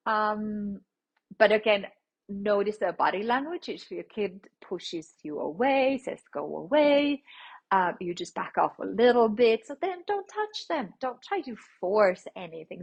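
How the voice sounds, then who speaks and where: Slow, husky-voiced woman parenting coach. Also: medium pitch, sing-song. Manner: gentle, teacherly, checks in with "okay?". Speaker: parenting podcast host, licensed clinical social worker. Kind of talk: instructive podcast talk.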